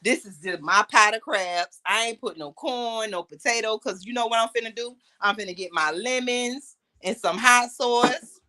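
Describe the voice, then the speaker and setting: A woman's voice: a little high, moderate pace, hardly any pauses, sharp tone. A middle-aged woman with a New York accent, chatting casually to viewers while cooking and laughing often. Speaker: podcast host. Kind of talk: casual cooking vlog chat.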